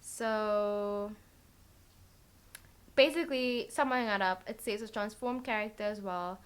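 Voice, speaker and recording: Woman doing a tarot reading vlog, rambly, lots of ums and likes, mid-pitched voice. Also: slow, clean tone. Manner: rambling, filler-heavy, thinking aloud. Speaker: tarot card reader.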